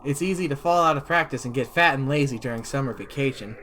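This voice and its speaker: A man streaming a visual novel, reading the lines aloud in a playful, animated manner. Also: medium pitch, fast talker.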